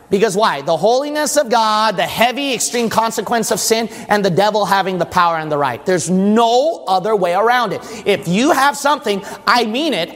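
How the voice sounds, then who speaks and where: High-voiced preacher in a reverberant hall. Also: male voice, fairly bright tone. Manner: emphatic, asks the congregation questions. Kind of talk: sermon. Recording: long church reverb.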